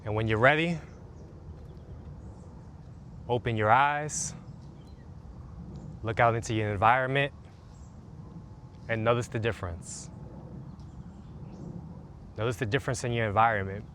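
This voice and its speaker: A man guiding a stretching and relaxation routine in a slow, soothing, calm way. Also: mid-range voice, slight background noise. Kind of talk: guided relaxation instruction.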